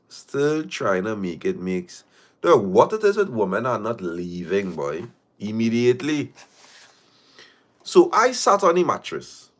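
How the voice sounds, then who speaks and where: Animated man reacting on a livestream. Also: medium pitch. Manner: animated, laughing, repeating phrases for effect. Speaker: livestream host. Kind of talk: live stream reading and reacting to viewer stories.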